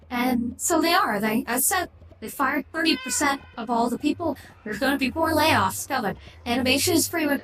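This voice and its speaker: A high-pitched woman streamer talks in a loose, rambling way and gives blunt opinions, often stopping and restarting mid-sentence. She sounds like she is in an echoey room, with steady noise audible behind her voice. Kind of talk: casual livestream chat.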